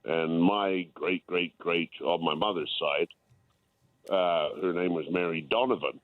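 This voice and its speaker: A male caller to a radio show, recounting family history in an earnest, halting way. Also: sits low, no echo. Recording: dry, narrow phone line.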